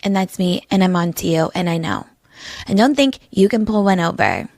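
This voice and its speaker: Deadpan sardonic woman host. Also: fairly low pitch, moderate pace, no room sound, studio quality. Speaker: podcast host. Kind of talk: sarcastic monologue.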